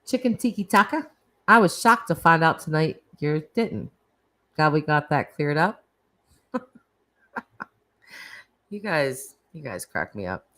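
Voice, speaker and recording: A woman with a Northeastern American accent hosts a laid-back live chat. Her voice sits low for a woman. She rambles happily, full of "like," "you know" and little laughs. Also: big pitch swings, takes it slowly, long pauses, a bit bright. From Northeastern United States. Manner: chatty and rambling, frequent "like" and laughs. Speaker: host of live chat stream. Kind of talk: casual live-stream chat with viewers.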